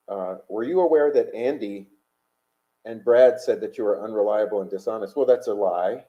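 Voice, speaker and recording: A man's voice: lowish voice, normal speed. A man hosting a livestream, reading chat and super chats aloud in rambling, combative talk full of fillers. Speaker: livestream host. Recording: dull lo-fi stream audio.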